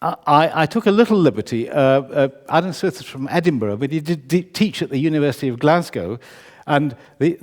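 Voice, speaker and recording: A British composer gives a public lecture in a concert hall, his voice on the high side with a darkish tone and hall reverb around it. He's chatty and wry, conversational, and often corrects himself.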